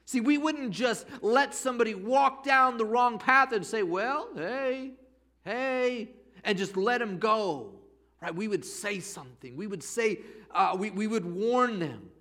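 Middle-aged male pastor, sermon delivery, bright and slightly high voice, animated storyteller. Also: moderate pace. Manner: animated storytelling with rising emphasis. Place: church service.

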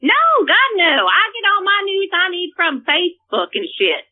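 Woman, caller, very high voice, brash and indignant, tinny phone line. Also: very animated, moderate pace. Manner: brash, indignant, talks over others. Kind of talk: comedic call-in rant.

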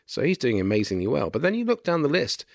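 A man co-hosting a book podcast, sounding deeper and throaty from a virus, talking with hesitant restarts. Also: wildly swooping pitch, fast talker, gravelly, dry recording, clean studio sound. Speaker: podcast co-host and publisher. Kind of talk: casual podcast chat.

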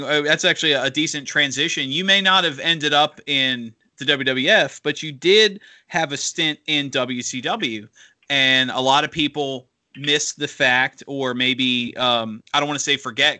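Man, interview host, piercingly bright tone, winding questions, lots of restarts. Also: medium pitch. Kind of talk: radio interview.

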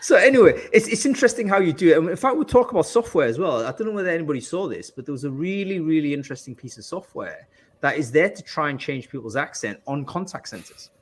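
A man hosting a live podcast, chatty and animated, asking guests about their experiences. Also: a little high, fast, husky. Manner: chatty, lots of fillers and restarts, animated. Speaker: podcast host.

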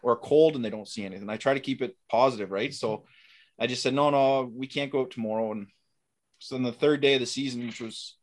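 A man's voice: medium pitch, fairly quick. A middle-aged man casually telling a story, acting out the lines of the people in it. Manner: animated, acts out dialogue in quotes. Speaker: guest telling a hunting story.

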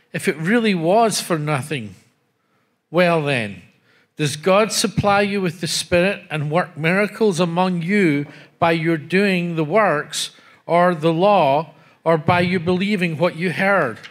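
Slow-reading Frenchman with a high voice. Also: fairly bright tone. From France. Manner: slow, deliberate reading with rising emphasis on questions. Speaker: scripture reader. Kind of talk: scripture reading.

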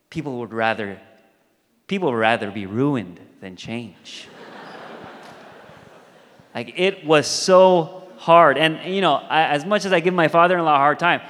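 A man's voice: on the high side, fairly bright tone. Man preaching in a reverberant hall. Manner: conversational storytelling, acts out quoted voices. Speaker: pastor. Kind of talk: sermon.

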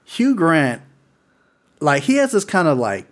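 Man, 30s, podcast co-host; swings his pitch widely, rambling, swears freely. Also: wildly swooping pitch, a little slow. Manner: rambling, swears a lot, laughs often. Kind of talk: casual chat.

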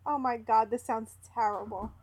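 A woman's voice: fairly high pitch, steady tone, moderate pace, a little mellow, breathy edge. A woman co-hosting a podcast in playful casual chat, often exclaiming and laughing. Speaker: podcast co-host.

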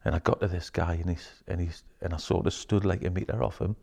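A man telling a personal story in casual talk, swearing freely and dropping to a hushed whisper when quoting others. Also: deep voice, fairly even intonation, a little fast, vocal fry.

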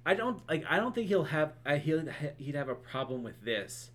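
A man co-hosting a movie podcast in casual chat, talking in an animated, rambling way with casual swearing. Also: on the high side, moderate pace. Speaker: podcast co-host.

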